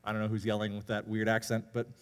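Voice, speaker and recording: A man's voice: lowish voice, completely flat delivery, fast talker, clean tone. A man, a youth pastor, preaching a conversational, self-deprecating sermon in a church. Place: church sanctuary. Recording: long hall reverb.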